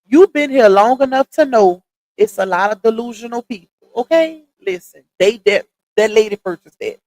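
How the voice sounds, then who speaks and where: Talking right to her audience with "y'all" and "child," this woman gossips casually while hosting a late-night livestream. Her fairly high voice has lively intonation and a slightly mellow quality, moving at a moderate pace. Sound quality is poor.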